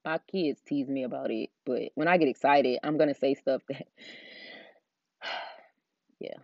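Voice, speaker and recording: A woman's voice: a bass voice, a little fast, darkish tone, no echo. Southern lady rambling through her christian coaching podcast, lots of ums, kinda muffled dry audio. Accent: Southern American. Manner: chatty, rambling, frequent fillers. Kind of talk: casual solo podcast talk. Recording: dull, dry lo-fi recording.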